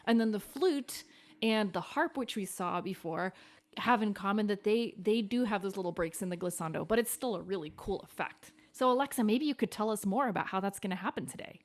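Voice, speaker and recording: A woman's voice: medium pitch, lively intonation, fairly quick. A woman hosting a children's music stream, upbeat and patient as she explains and sings out the notes. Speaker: host and cellist.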